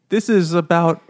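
Joking, profane man in casual chat. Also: a little high. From raised Catholic. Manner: joking, profane, laughs often. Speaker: book club member.

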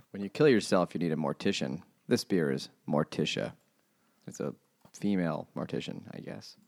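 A very deep-voiced man with a gravelly edge co-hosts a casual chat over beers. His pitch swings widely while he delivers dry, dark deadpan jokes. He sounds relaxed and offhand. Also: unhurried, long pauses, slight background noise. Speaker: podcast co-host.

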